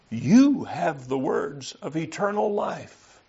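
A man's voice: fairly high pitch, expressive, a little slow, a little mellow, slightly rough. A man preaching an earnest, emphatic sermon and reading scripture aloud. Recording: slightly dull lo-fi recording.

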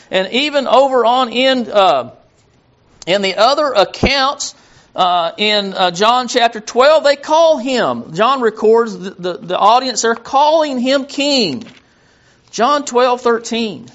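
High-voiced rambling preacher, muffled sound. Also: male voice, expressive, slow, fairly bright tone. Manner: rambling, repeats words, loses his place. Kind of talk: sermon. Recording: dull lo-fi sound.

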